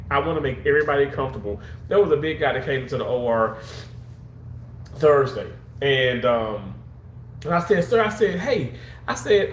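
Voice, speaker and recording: A man's voice: mid-range voice, echoey room, a little hiss or hum. A man talking straight to his viewers on a casual livestream, rambling and repeating himself, a little under the weather. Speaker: livestream host.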